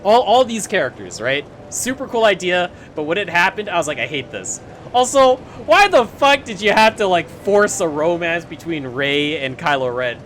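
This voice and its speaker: A young adult streamer ranting casually while playing a video game, swearing freely and breaking into loud bursts of laughter. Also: medium pitch, expressive, normal speed, hardly any pauses, a little hiss or hum. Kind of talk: casual rant while gaming.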